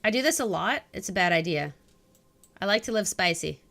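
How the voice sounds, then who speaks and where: A woman casually commenting on her space game while streaming live, jokey and excitable, chatting with viewers. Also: mid-range voice, brisk, vocal fry. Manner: jokey and excitable, talking to chat.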